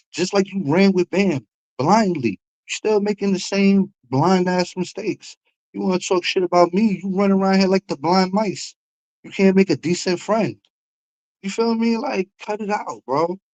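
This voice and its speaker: A man's voice: high-pitched, a little mellow, low-quality recording. A young man with a New York accent, ranting bluntly and with profanity on his livestream about feeling disrespected. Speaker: livestream host. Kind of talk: heated livestream rant.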